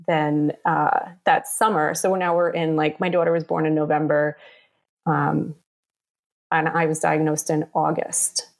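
A woman in her thirties telling a personal story in a casual, chatty way, with many fillers, acting out the voices of the people in it. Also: sits low. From New York area. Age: 30s.

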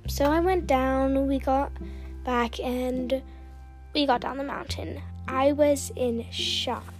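A woman hosting a podcast, telling a personal story in a casual, rambling way with lots of "like" fillers, soft-spoken and sometimes slipping into a whisper. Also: high voice, fairly even intonation, slow, faint music behind. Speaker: podcast host.

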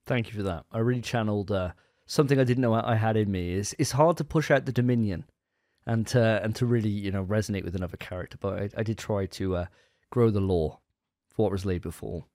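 A man's voice: lowish voice, fast talker, darkish tone, dry recording. Playful man with a dry, close sound. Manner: playful, teasing judge who stumbles over words. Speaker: podcast co-host. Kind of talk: casual banter among friends.

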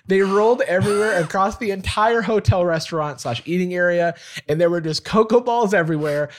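Guy on a podcast reading out a listener email, kinda high voice, keeps cracking up and chiming in. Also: animated, brisk. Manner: laughs often, breaks off to comment. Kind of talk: casual chat, reading a letter aloud.

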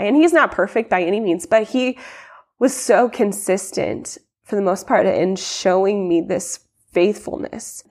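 Woman with a gravelly, rambling storytelling voice. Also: medium pitch. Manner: rambling, many fillers and restarts, animated quoting. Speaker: guest sharing her testimony. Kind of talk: personal story in a podcast interview.

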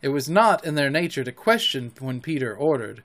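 A man hosting a podcast, reading a children's story aloud with expressive narration. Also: medium pitch, brisk.

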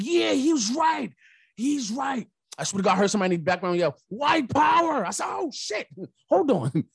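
A man's voice: high-pitched, no echo, studio quality. A young man hosting a podcast, telling exaggerated comic stories in a profane rant with sudden outbursts. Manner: profane, exaggerated storytelling with bursts of shouting. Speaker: podcast host. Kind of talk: comedic rant monologue.

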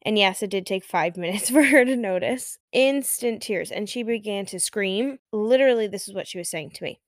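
A woman in her thirties hosting a solo podcast, who tells a parenting story in a calm, measured way with audible sighs. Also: mid-range voice, no echo, clean studio sound. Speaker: podcast host and mother.

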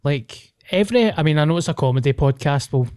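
Blunt Scottish podcast host. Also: male voice, a little high, lively intonation, fast talker, darkish tone, clean tone. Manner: blunt, swearing. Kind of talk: casual comedy podcast chat.

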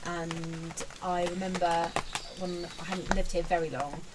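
A woman chatting casually outdoors, telling a story in an animated way with loud exasperated quoted outbursts. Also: lowish voice, measured pace. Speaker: podcast co-host, outdoor worker. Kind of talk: casual chat. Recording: loud outdoor noise and birdsong.

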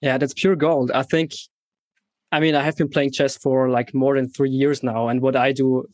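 Male podcast host, monotone casual delivery, dry room. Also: medium pitch, moderate pace, no echo. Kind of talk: casual chat.

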